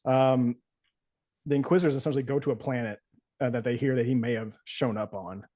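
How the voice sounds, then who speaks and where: A man's voice: medium pitch, fairly even intonation, a little fast, mellow. Rambling casual man recapping a comic. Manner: rambling, loose, with many fillers and quoted voices. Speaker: podcast host.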